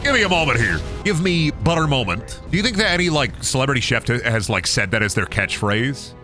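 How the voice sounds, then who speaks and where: A man's voice: mid-range voice, sing-song, brisk, pushed and bright, faint music behind. A young man streaming a game, rambling profanely and joking around, often slipping into silly voices. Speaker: gaming streamer. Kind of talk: casual gameplay commentary.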